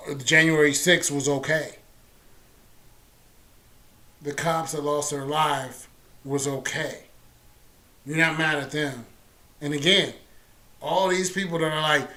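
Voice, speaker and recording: Guy hosting a politics stream, kinda high voice, sarcastic, lots of ums. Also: sharp tone. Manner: casual, sarcastic, many fillers. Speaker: host of a political talk stream. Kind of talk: casual political commentary.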